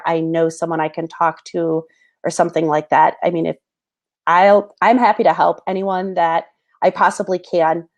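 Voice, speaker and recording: A woman host in her thirties speaking earnestly and haltingly with many fillers, close to tears. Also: fairly low pitch, darkish tone. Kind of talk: personal talk to camera.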